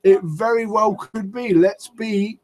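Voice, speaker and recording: High-voiced excitable young man. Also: takes it slowly, rough recording. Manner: excitable, swears a lot, rambling, fired up. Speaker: gaming streamer reacting live to wrestling. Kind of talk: casual live reaction commentary.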